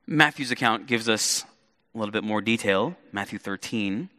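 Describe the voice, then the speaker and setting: A man preaching a sermon as pastor, animated, with playful asides to the congregation. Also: a little high, normal speed. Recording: long hall reverb.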